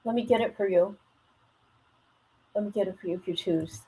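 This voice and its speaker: Husky woman musing on a stream. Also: mid-range voice, normal speed, mellow, poor audio. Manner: musing, thinking aloud with trailing thoughts. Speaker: stream host reacting to a video. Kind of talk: casual livestream commentary.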